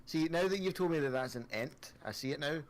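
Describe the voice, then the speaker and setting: A man's voice: on the high side, fast. A man joking and chatting with friends as a player on a voice call. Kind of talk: casual voice chat. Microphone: mic on a voice call.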